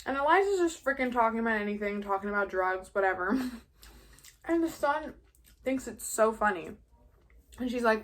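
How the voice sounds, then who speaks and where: Chatty teen girl, high-pitched. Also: lively intonation, moderate pace. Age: teens. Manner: chatty, heavy use of "like". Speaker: vlogger. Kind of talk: casual retelling while eating.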